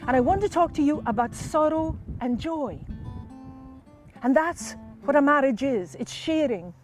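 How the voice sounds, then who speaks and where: Patient young Scottish minister, as a woman storyteller puts him on, calm lecturing tone, high voice. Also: unhurried, over music. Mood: earnest. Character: young male village minister, patient and stern.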